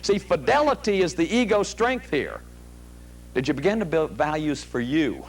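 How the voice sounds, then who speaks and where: A man's voice: on the high side, moderate pace. A middle-aged man giving a televised psychology lecture to a studio audience, telling stories and acting out quoted voices. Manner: animated, storytelling, acts out quoted voices.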